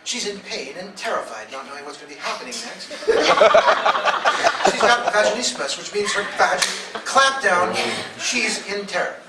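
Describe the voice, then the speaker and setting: Brisk and barely pausing, this high-voiced man gives a blunt, provocative talk full of stories, acting out each quoted voice with lively intonation. Recorded from far away on an audience phone in an event hall, it sounds echoey and very noisy.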